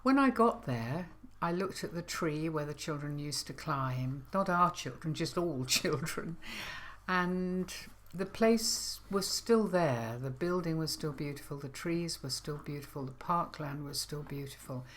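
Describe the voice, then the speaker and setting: An older woman co-hosting a podcast, reflecting thoughtfully in a soft-spoken, conversational way. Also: low-pitched, animated, measured pace. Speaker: podcast co-host. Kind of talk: reflective casual chat.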